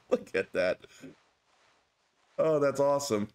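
A man streaming a video game, commenting casually with a playful, joking manner and lively reactions. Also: fairly high pitch, extremely slow.

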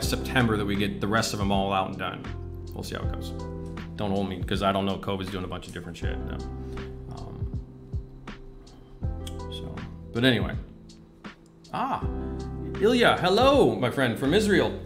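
An American man with a lowish, sing-song voice talks at a moderate pace with long pauses while running a casual livestream demo on painting scale models. He rambles, chats, and swears casually, and music plays clearly behind him.

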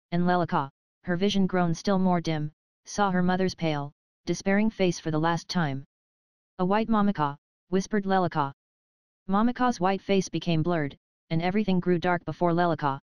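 声音低沉清亮的女性有声书朗读者. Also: female voice, fairly low pitch, darkish tone, clean tone, dry recording. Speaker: audiobook narrator. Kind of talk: scripted audiobook narration.

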